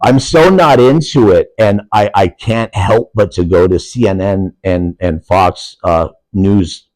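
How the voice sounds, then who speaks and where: A man's voice: on the low side, measured pace, darkish tone, no room sound, low-quality recording. A middle-aged man with an Upper Peninsula Michigan accent, chatting casually as a guest, rambling and laughing easily. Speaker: wrestling guest. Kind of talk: casual podcast chat.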